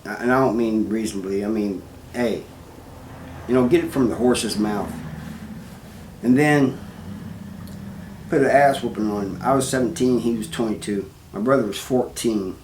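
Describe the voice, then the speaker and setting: A former prisoner from Missouri, US, tells his own story in a lowish, darkish voice, plain-spoken and halting, restarting sentences and saying "you know." He's recorded in a roomy space with faint background noise.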